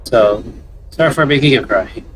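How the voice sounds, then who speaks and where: A man's voice: medium pitch, animated, moderate pace, fairly bright tone, slight background noise, lightly acted. A man reading the lines of a reserved young catgirl woman who is guarded about her past, in his own plain voice. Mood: apologetic. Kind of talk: reading visual novel dialogue aloud.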